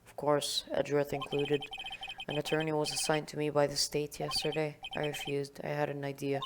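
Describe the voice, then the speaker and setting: A woman's voice: sits low, completely flat delivery, fairly quick, background noise. A woman playing an earnest young defense lawyer. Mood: reflective. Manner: earnest, determined, inner monologue. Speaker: narrator of the game. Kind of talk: voicing a video game let's play. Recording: game music playing behind. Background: game music.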